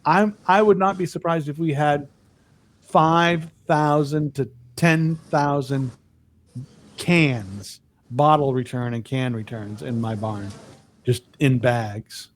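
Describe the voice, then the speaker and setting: A man's voice: on the high side, slow pace. Profane middle-aged man telling stories. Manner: rambling, profane storyteller. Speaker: podcast co-host. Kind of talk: casual chat.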